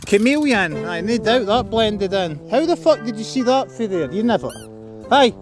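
A man's voice: sits high, lively intonation, normal speed, music in the background. A Scottish man chatting on a live stream while walking his dog outdoors, joking, swearing and snapping commands at the dog. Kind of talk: casual live-stream chat. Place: outdoors in a park and by roads.

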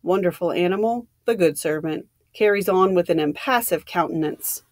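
A woman's voice: fairly low pitch, moderate pace, no echo, close to an everyday voice. A woman reading aloud the part of a dry, cynical adventurous man from a novel, in a dry, close sound. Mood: cool.

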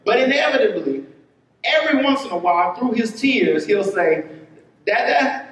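A man preaching a sermon as pastor, telling a story with quick bursts and drawn-out words. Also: sits high, expressive, fairly bright tone. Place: church sanctuary. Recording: roomy church hall, voice from a distance.

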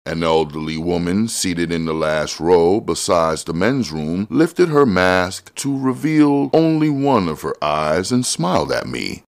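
A man's voice: low voice, very animated, a little slow, creaky, hardly any pauses. A man reading a novel aloud in first person, telling the story expressively with casual swearing. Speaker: audiobook reader.

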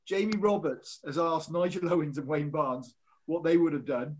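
A man who referees rugby, telling lively anecdotes in casual chat, acting out quotes. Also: fairly high pitch, moderate pace. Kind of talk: casual storytelling.

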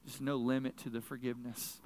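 A man preaching a sermon as a pastor, telling a story in a casual, animated way with slang asides. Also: mid-range voice, brisk, a little hiss or hum. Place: large church sanctuary. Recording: long reverb of a large hall.

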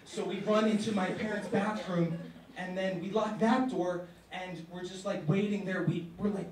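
Brief: young male comic, halting delivery, recorded from far off in an echoey room with faint noise. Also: sits high, steady tone, a little mellow. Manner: halting, with repeated restarts. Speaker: stand-up comedian. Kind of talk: stand-up comedy set. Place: university comedy stage.

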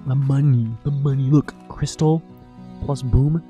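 A young man giving excited, swearing commentary over his own gameplay, often breaking into delighted shrieks. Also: medium pitch, normal speed, over music. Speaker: gaming streamer.

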